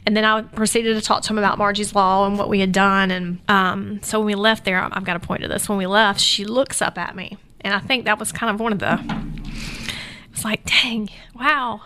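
A woman's voice: medium pitch, fairly even intonation, fairly quick, hardly any pauses, bright, forceful tone, slight background noise. Woman telling a personal story. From Georgia, US. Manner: emotional, storytelling with many fillers. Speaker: guest. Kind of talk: casual interview conversation.

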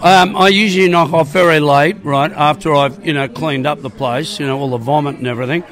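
A man's voice: fairly high pitch, fairly even intonation, a little fast, fairly bright tone. An Australian man, a singer and festival emcee, telling tall tales outdoors. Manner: jokey, playful tall tales.

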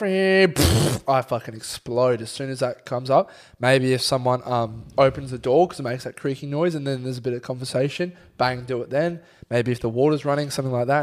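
Young man, casual podcast chat, crude humor, frequent swearing. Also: mid-range voice. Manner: crude, storytelling, swears often. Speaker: podcast co-host.

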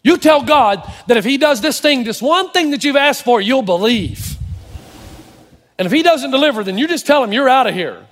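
A man preaching from the pulpit, his voice sitting high for a man. He drives his points hard and slips into the inner voices he warns about. The sound carries a long reverb from a church sanctuary. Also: lively intonation, normal speed. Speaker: pastor. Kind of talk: sermon.

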